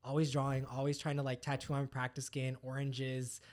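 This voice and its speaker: A man who is a tattoo artist guest, telling stories in a rambling, animated way full of fillers. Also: mid-range voice, normal speed. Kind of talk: casual podcast chat.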